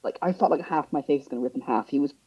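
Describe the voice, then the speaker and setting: Telling a story on a podcast he co-hosts, this young man races along with a breathy edge, captured in a dry, dull recording. He performs each character's lines with dramatic pitch leaps, laughing as he goes.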